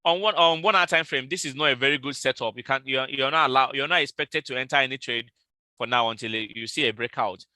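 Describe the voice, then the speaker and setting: Bright-voiced man calling trades live. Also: mid-range voice, dry recording. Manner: repetitive, calls out trade levels slowly and repeats them. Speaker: live trading host. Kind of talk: live market analysis stream.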